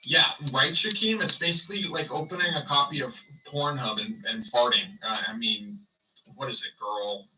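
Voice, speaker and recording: Sarcastic rambling man with a bright voice. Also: mid-range voice, moderate pace, far from the mic, low-quality recording. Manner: rambling, sarcastic, talks to chat. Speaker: livestreamer. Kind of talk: casual livestream chat.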